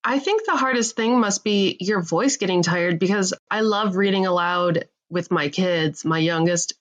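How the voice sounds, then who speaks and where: Relaxed lower-voiced woman guest. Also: normal speed. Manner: relaxed, conversational. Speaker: author guest, mother. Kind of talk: casual podcast conversation.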